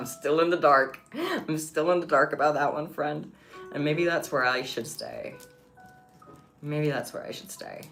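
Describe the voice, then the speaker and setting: A woman with a low voice chats on a live stream. She is playful and her pitch swings widely. Music plays clearly behind her. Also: a bit bright. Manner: chatty and playful, talks to chat and her cat. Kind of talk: casual live-stream chat while crafting. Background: background music.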